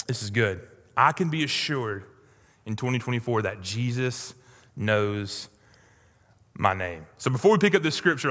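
A man preaching a sermon as pastor, earnest and pleading, swinging from soft, low lines to urgent ones. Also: long reverb tail.

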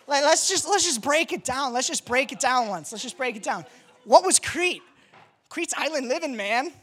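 A woman's voice: high-pitched, lively intonation, normal speed, slightly rough. A woman pastor giving a casual sermon to a congregation, talkative and joking as she goes.

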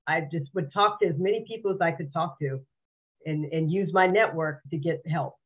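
A woman's voice: sits low, normal speed, husky. A woman guest on a podcast, frankly and earnestly telling her own story, often repeating words as she goes. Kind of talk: candid personal interview. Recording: tinny phone-like remote line.

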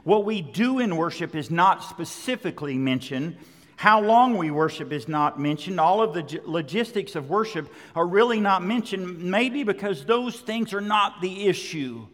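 A man's voice: sits high, animated, normal speed, fairly bright tone. A middle-aged man preaching a sermon, conversational yet emphatic, driving points home with repetition. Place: large church sanctuary. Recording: long hall reverb.

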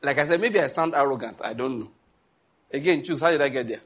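A man's voice: mid-range voice, fast, breathy edge. A man preaching a sermon, telling stories and acting out the dialogue with a laugh. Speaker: pastor.

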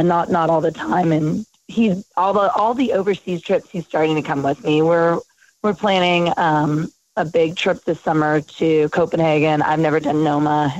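A woman guest in casual chat, chatty and quick to react. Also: on the low side, darkish tone, no echo. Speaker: guest from the hospitality industry. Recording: dull, lo-fi sound.

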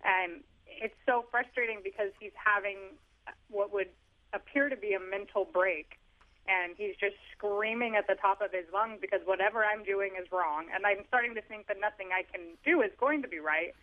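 Over a tinny telephone line, an author guest with a high voice and moderate pace chats about parenting in a casual phone interview. He tells funny stories and pokes fun at himself.

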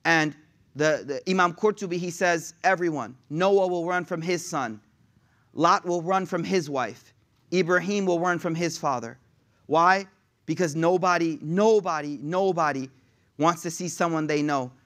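A man's voice: fairly high pitch, unhurried, fairly bright tone. A man preaching a sermon in a casual, slangy way, reciting Arabic passages and then translating them. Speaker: Islamic preacher.

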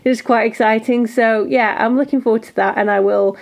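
A woman co-hosts a casual podcast. She speaks in an earnest, thoughtful way in a slightly high voice and often restarts her sentences. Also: fairly even intonation, fairly quick, creaky. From English Midlands. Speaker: podcast co-host.

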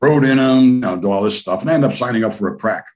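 An older American man, a guest in a casual storytelling interview, talks fast in a fairly low voice. He's an animated storyteller whose long tales ramble and are full of profanity.

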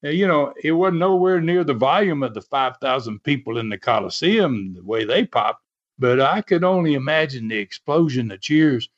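A man casually telling a wrestling story, animated and chuckling, dropping "man" into his sentences. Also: mid-range voice, normal speed. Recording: dull lo-fi recording.

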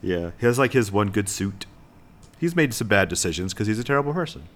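A man's voice: fairly low pitch, very animated, brisk. A man co-hosting a casual film podcast, riffing playfully and acting out movie lines. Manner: playful, riffs on jokes, acts out movie lines. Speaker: podcast co-host. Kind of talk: casual film discussion chat.

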